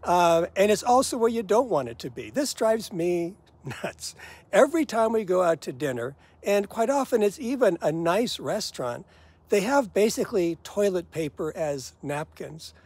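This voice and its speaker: Chatty older man, high-pitched and dry. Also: sing-song, moderate pace, a little mellow, breathy edge, no echo. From United States. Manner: chatty, wry, laughs at his own gripes. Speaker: vlogger. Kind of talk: casual talk to camera.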